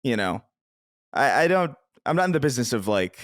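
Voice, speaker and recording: A man's voice: mid-range voice, sing-song, brisk, a bit bright, no echo. A man co-hosting a podcast in casual chat, rambling and self-deprecating, laughing often. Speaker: podcast co-host. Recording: dry close mic.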